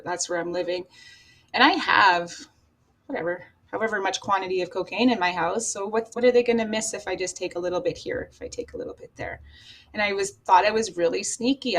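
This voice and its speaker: Blunt, profane woman telling her story. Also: medium pitch. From Canada. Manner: blunt and profane, acts out past dialogue, laughs at herself. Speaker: podcast guest telling her life story. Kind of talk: candid personal storytelling.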